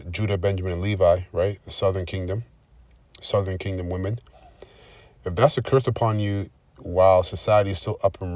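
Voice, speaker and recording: Male preacher, low voice, emphatic scripture teaching, dry close mic. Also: darkish tone, no room sound. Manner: emphatic, repeats points with "all right?". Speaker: religious teacher.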